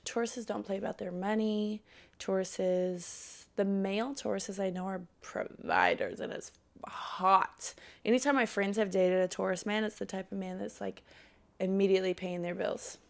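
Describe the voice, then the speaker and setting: Speaking unhurriedly with vocal fry in a mid-range voice, a young woman runs her own solo podcast. Her casual, profane chatter eventually turns into a fired-up pep talk.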